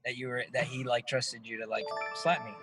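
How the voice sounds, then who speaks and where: A man's voice: mid-range voice, level tone, fairly quick, music in the background. A young man chatting as a guest on a video call, laid-back and enthusiastic, with lots of fillers. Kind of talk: casual chat. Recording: distant video-call audio with faint noise.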